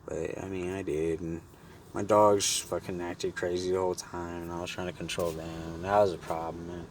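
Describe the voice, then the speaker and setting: A man's voice: low voice, little pitch movement, normal speed, a little hiss or hum. A man vlogger casually telling a story in a laid-back, slangy, profane way.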